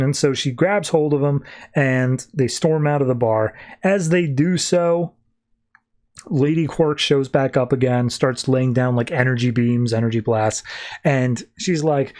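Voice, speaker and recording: A man hosting a podcast, casually recapping a comic issue with wry asides and quick bits of the characters' lines. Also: mid-range voice. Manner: animated retelling that slips into quick character quotes. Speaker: podcast host.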